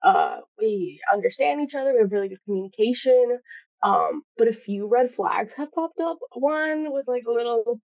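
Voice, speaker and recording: A woman's voice: fairly high pitch, animated, normal speed, gravelly, darkish tone, no room sound, muffled recording. A woman calling in to a podcast, speaking hesitantly with many fillers. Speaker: caller. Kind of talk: phone-in call.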